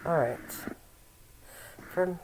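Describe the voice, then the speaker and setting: An older woman hosts a casual live-stream chat. She teases her viewers, laughs often and reads a recipe aloud haltingly. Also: darkish tone, a little hiss or hum. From Canada.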